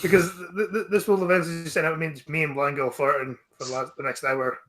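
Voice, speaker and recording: A man's voice: a little high, little pitch movement, fast, a bit bright. A man co-hosting a casual live-stream chat over a voice call, teasing and stammering over his words. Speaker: co-host.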